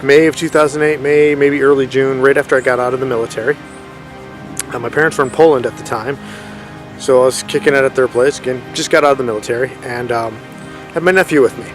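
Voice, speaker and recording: A man in his thirties telling a ghost story in a casual, rambling way outdoors in a forest, often correcting himself and using lots of fillers. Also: medium pitch. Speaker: paranormal storyteller vlogger.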